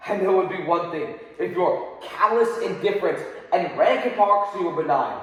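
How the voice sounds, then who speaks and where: A man performs a dramatic speech recitation, his voice slightly high and full of controlled anger. He punches key words and leaves heavy pauses. The sound is washed in strong echo with a long hall reverb. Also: animated, fairly bright tone. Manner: impassioned, angry, emphatic pauses. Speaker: oral interpretation student.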